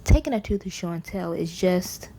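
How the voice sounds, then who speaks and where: A woman's voice: on the low side, expressive, normal speed, gravelly, mellow. Woman voicing a firm, patient storybook mother.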